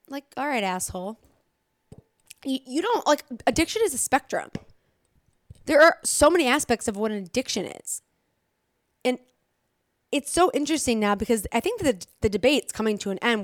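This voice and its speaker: A woman's voice: a little high, expressive, quick pace, dry recording, studio quality. A young woman giving a blunt, motivational talk straight to her viewers, swearing often and repeating phrases for emphasis. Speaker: recovery vlogger. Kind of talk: direct-to-camera motivational talk.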